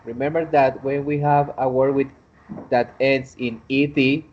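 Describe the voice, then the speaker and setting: A man's voice: mid-range voice, steady tone, a little slow, highs cut off, a little hiss or hum. A man teaching an online English class, patiently correcting pronunciation with frequent hesitations.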